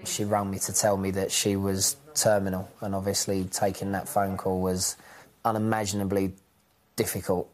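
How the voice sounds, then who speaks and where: A man speaks in a documentary interview in a low, even voice. He talks slowly and reflectively, pausing and restarting often. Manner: halting, with frequent ums and restarts.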